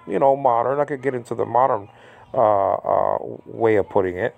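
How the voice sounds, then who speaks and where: A man's voice: mid-range voice, brisk, gravelly, darkish tone. A man giving a casual, unscripted Bible Greek lesson, rambling with frequent restarts and a combative tone.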